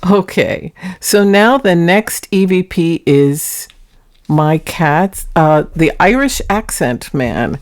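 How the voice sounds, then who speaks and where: Earnest woman with a lowish voice. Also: animated, takes it slowly. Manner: chatty, earnest, explains each clip before playing it. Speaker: paranormal vlog host. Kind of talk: casual vlog narration introducing clips.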